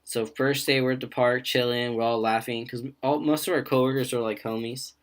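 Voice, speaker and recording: A man's voice: medium pitch, fairly even intonation, fairly quick. A young man co-hosting a podcast, telling a story in a laid-back, slangy way. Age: young adult. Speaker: podcast co-host. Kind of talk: casual chat, storytelling.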